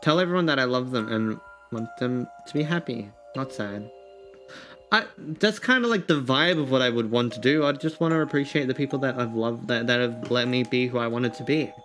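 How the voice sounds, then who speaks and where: A man streaming casually, reading quiz questions aloud and thinking out loud in a rambling, often laughing way. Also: medium pitch, brisk, soft background music.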